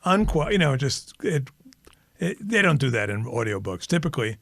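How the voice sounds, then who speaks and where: A man's voice: mid-range voice, normal speed, vocal fry, no echo. A man co-hosting a podcast, telling stories in casual chat with frequent laughter. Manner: animated storyteller, laughs often. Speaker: podcast co-host and author.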